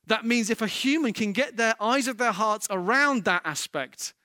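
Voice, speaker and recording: A male pastor delivers an impassioned sermon. His voice sits high and rings bright, climbing to emphatic peaks. The sound is dry and close, with no room around it. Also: moderate pace, no echo.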